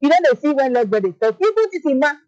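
A woman's voice: high voice, big pitch swings, quick pace, darkish tone, no room sound. A woman with a Nigerian Pidgin accent, preaching earnestly to a radio show as a caller. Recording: dull lo-fi, dry.

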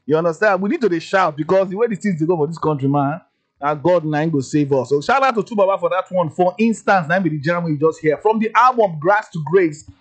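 High-voiced Nigerian radio host man. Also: quick pace. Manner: chatty, jokey, asks "you understand?" often. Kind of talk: casual radio chat in Pidgin English.

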